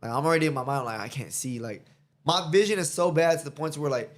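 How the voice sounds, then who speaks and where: A man's voice: a little high, fast. A man guest on a podcast, telling stories in casual, profane chat, laughing often and acting out what people said. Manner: profane, laughing storyteller who acts out quotes.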